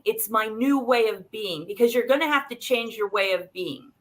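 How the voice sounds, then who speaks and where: A woman's voice: a little high, animated, normal speed, hardly any pauses, a bit bright. A woman speaking as a doctor guest on a talk show, explaining nutrition with everyday examples.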